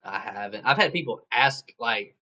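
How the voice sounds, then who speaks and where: Bright-voiced Southern man, joking. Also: medium pitch, animated, normal speed, dull audio. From Georgia, US. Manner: joking, laughs often, folksy. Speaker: archery shop owner, podcast guest. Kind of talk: casual podcast chat.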